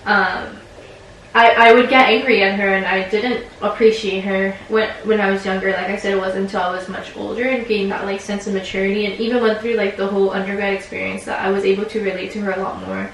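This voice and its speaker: A woman's voice: mid-range voice, little pitch movement, quick pace, a bit bright. A woman in her twenties, speaking as a client in a counseling session, reflective and hesitant with many fillers. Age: 20s. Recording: very echoey room, distant mic, faint noise.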